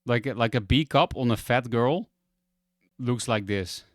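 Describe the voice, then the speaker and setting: A man's voice: medium pitch, unhurried, no echo, studio quality. A man whose first language is Dutch, chatting frankly and rambling on a game stream. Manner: frank, rambling, restarts often. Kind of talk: casual stream chat.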